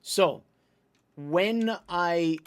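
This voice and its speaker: Speaking very slowly in a high-pitched, clear, resonant voice, an Italian man comments on his gameplay while streaming. He's chatty, explaining things at length as he works through the menus.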